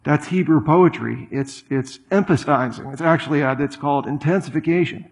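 A middle-aged male pastor preaching a sermon in a conversational way, with quick asides and repeated words. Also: on the high side.

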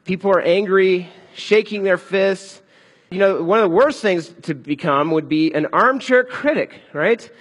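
A man preaching a sermon in an animated, conversational way. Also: sits high, measured pace, husky, in a large hall. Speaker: pastor.

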